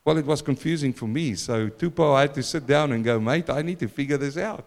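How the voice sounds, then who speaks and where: Animated man preaching a sermon. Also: on the high side, brisk, gravelly. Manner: animated, talks directly to the congregation and to the apostle. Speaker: pastor.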